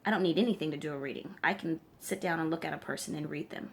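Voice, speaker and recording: A woman's voice: low-pitched, fast talker, gravelly. A woman tarot reader giving emphatic advice straight to her viewers, often checking in with them as she lectures. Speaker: tarot reader and spiritual practitioner. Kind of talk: direct-to-camera advice vlog.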